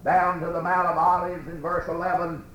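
A man preaching a sermon and reading scripture aloud in a church, with slow, emphatic, drawn-out phrasing. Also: high-pitched, flat delivery, a bit bright. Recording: echoey room with faint background noise.

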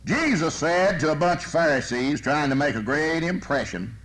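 Preacher, male, slightly high voice, folksy, shifts from loud to hushed. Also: animated, normal speed. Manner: folksy storytelling with sudden swings from loud to soft. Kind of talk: sermon.

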